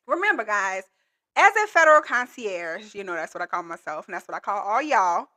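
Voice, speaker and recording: A woman's voice: medium pitch, very animated, fairly quick, bright, forceful tone. A woman coaching viewers in a live stream, talking in an emphatic, repetitive, colloquial way. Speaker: proposal coach.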